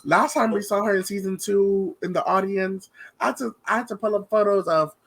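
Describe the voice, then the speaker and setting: A man's voice: high-pitched, steady tone, fairly quick, gravelly, fairly bright tone. A man co-hosting a casual podcast, chatty and hesitant, with frequent fillers. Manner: hesitant, lots of ums, chatty. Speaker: podcast co-host.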